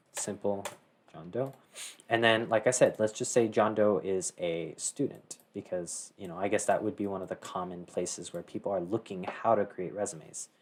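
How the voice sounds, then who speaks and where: Deep-voiced teenage boy rambling through a tutorial. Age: teens. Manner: rambling, many fillers and self-corrections. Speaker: tutorial host. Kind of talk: casual screen-share tutorial.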